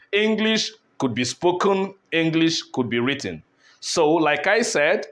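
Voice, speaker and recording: Male English teacher, unhurried board lesson, raised pitch, rhetorical questions. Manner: slow, deliberate, repeats words and asks rhetorical questions.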